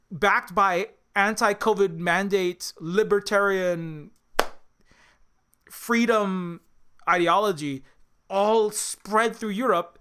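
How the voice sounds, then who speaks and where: Guy ranting about politics, swears a lot, trips over his words, bright high voice. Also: smooth. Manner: profane, rambling, many restarts. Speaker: indie game developer and commentator.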